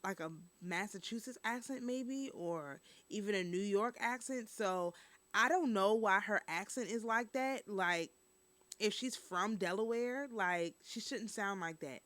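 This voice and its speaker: A woman's voice: medium pitch, measured pace, a bit bright, no room sound. A woman hosting a casual news and review stream, chatting straight to her viewers.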